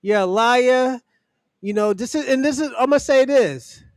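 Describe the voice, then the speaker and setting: The livestream host, a man, holds forth at a slightly slow pace in a profane, mocking, loose rant punctuated by frequent laughter. His voice sits high for a man, and the sound is close and dry without any room sound.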